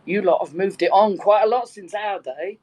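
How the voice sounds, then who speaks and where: This Birkenhead woman in her sixties has a London-flavored English accent and a mellow, mid-range voice at normal speed. In casual conversation in a live audio chat room, she's chatty, tells bawdy stories and laughs readily, though the recording is rough.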